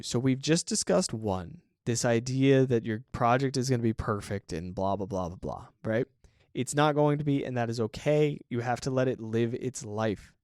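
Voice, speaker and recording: A man's voice: mid-range voice, darkish tone, dry recording. Male podcast host, reflective and chatty, mid-range voice, dry recording. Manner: reflective, conversational, often asks "right?". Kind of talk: casual solo talk on creative work.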